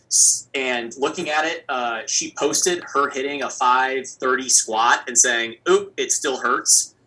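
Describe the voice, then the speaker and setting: Very bright-voiced analytical man. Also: medium pitch, fairly even intonation, measured pace, low-quality recording. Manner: analytical, working through numbers aloud. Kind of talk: casual sports chat.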